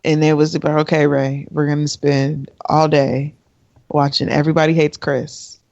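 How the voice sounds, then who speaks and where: A woman's voice: low voice, little pitch movement, normal speed, vocal fry, darkish tone, dry recording. A woman co-hosting a casual podcast chat, talking in an indecisive, exasperated way with frequent sighs. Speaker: podcast co-host. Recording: dry, slightly dull.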